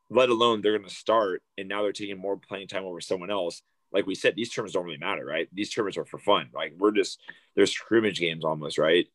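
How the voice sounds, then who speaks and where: Deep-voiced man venting in dry sound. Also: no room sound. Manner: rambling, filler-heavy venting. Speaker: podcast co-host, parent. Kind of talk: casual chat.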